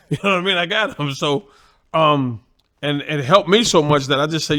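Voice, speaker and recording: A man in his sixties, a guest telling animated, profanity-laced stories in casual conversation, laughing at his own tales. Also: a little high, fast talker. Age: 60s. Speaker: guest, boxing trainer and former champion. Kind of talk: casual storytelling.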